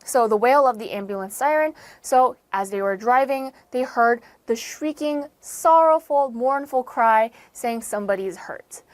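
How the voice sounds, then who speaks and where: American woman teaching vocabulary, lively stresses. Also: normal speed, few pauses, no echo. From United States. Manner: repeats and rephrases, stressing key words with lively pitch jumps. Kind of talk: explanatory online lesson.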